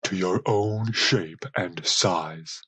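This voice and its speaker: A man voicing an ancient, all-seeing male chief god in an audiobook, speaking slowly, gravely and quietly. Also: low voice, no echo, full character voice. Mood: commanding.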